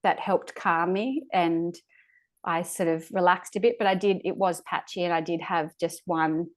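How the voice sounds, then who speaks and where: A woman, a podcast guest, recounts a personal birth story in a halting way, searching for words and restarting her sentences, sounding close to tears at times. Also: fairly low pitch, fairly even intonation.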